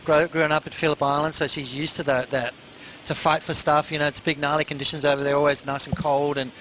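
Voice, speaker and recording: A man's voice: fairly high pitch, little pitch movement, fast, fairly bright tone, slight background noise, rough recording. A man, a former champion, giving surf analysis on a post-show broadcast in a laid-back, chatty way that laughs easily. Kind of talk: post-show sports commentary.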